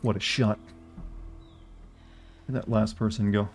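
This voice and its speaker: A man's voice: lowish voice, steady tone, unhurried, creaky, husky, faint music behind. A man streaming a game, chatting casually with his viewers and answering their questions, often restarting his sentences. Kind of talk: casual gameplay commentary.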